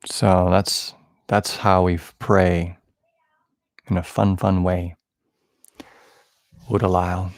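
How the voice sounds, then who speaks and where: A man's voice: low voice, level tone, takes it slowly, pauses often, dry recording, clean studio sound. A man hosting a spiritual podcast, improvising a prophetic prayer over a listener in a playful, affectionate and rambling way that mocks himself.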